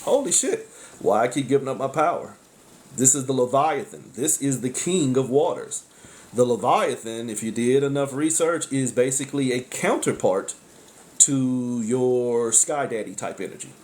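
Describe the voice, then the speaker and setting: A man at an ordinary middle pitch talks through a tarot reading in a loose, preachy monologue. He is blunt and profane. He keeps breaking in with high exclamations and then drops into low muttered asides. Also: moderate pace, a little mellow. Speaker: tarot reader. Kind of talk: casual spiritual monologue.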